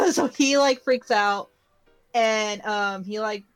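A woman's voice: mid-range voice, slow pace, faint music behind. A young woman co-hosting a casual podcast, retelling an anime episode with lots of giggles and fillers. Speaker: podcast co-host recapping an anime. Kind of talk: casual chat.

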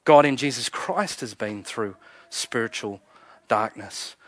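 A man preaching a sermon as pastor, earnest, often chuckling and sinking to a hushed, soft delivery. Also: medium pitch, animated, measured pace, dry recording.

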